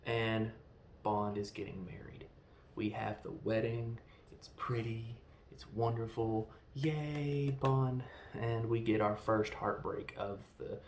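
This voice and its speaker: A man's voice: mid-range voice, a little mellow, a little hiss or hum. A man giving a casual film review, retelling the plot in a rambling, enthusiastic way with lots of fillers. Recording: roomy echo.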